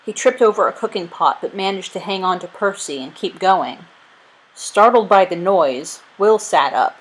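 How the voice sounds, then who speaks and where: A woman reading a chapter book aloud as narrator, in a clear, lively way. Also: medium pitch, normal speed, poor audio. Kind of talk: storybook read-aloud.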